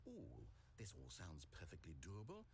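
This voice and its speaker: A man's voice: low-pitched, huge pitch swings, normal speed, vocal fry, darkish tone, a little hiss or hum, exaggerated voice. A man voicing a middle-aged male game narrator who speaks in a dry, mock-grand, theatrical way.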